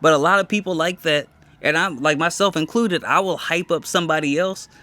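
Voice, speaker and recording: A male comedian co-hosts a podcast, chatting casually and speaking candidly and boastfully. He restarts quickly, swears freely, and his voice is fairly high with a sharp tone.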